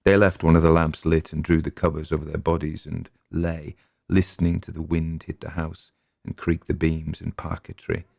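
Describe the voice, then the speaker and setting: Deep gravelly male audiobook narrator. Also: monotone, darkish tone, dry recording. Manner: measured, atmospheric storytelling. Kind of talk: audiobook reading.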